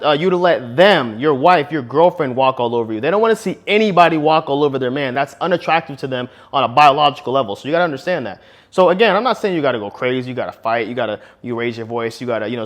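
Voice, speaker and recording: Young male vlogger, quick slangy advice delivery, tosses in "bro" a lot. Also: mid-range voice. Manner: slangy, punchy, fillers like bro and man. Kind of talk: casual advice talk with storytelling.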